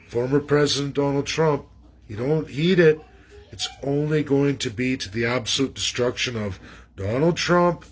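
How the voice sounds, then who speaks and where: Husky-voiced emphatic Canadian man. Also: medium pitch. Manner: emphatic, repetitive, addresses people directly. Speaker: political commentator. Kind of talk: casual political monologue.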